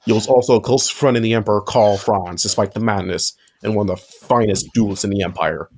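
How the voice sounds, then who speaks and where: Man narrating fanfic, casual read-aloud, occasional slips, slightly low voice. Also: fairly quick, a little mellow. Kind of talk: reading a fanfic aloud with friends.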